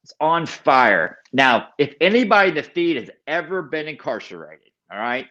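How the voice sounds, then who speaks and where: A man's voice: fairly high pitch, big pitch swings, normal speed, bright, forceful tone, lo-fi sound. A man guest telling his personal recovery story in an interview. He is an emphatic storyteller who repeats key phrases and acts out other people's lines. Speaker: podcast guest.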